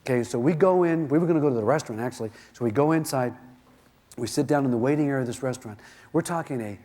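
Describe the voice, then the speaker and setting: A middle-aged man giving a self-help seminar, telling stories in an animated way and acting out the voices in them. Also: medium pitch, rapid-fire. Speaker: seminar speaker.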